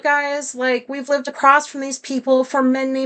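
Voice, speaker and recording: A woman vlogger with a slightly high voice tells a rambling, candid story straight to camera. She fills her speech with "like," swears freely and pokes fun at herself. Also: monotone, normal speed, few pauses, a bit bright. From United States. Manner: rambling, heavy use of "like", candid, swears, self-deprecating. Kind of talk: casual storytelling monologue.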